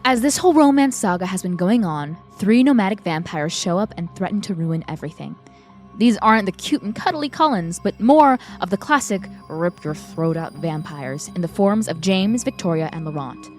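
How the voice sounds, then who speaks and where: A woman co-hosting a film podcast, talking in an excitable, gushing and playful way. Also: lowish voice, normal speed, faint music behind. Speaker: podcast co-host. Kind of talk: casual film review chat.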